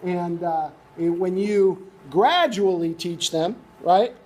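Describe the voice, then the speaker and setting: A man's voice: sits high, slow, a little mellow. A man giving a coaching workshop talk, conversational, constantly checking in with "right?". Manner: conversational, keeps asking "right?". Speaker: youth baseball coaching instructor.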